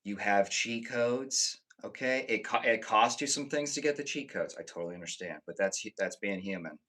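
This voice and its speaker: A man chatting casually with viewers on a live stream. He rambles and swears freely, restarting his sentences, and swings between emphatic bursts and low muttered asides. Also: moderate pace, bright, forceful tone.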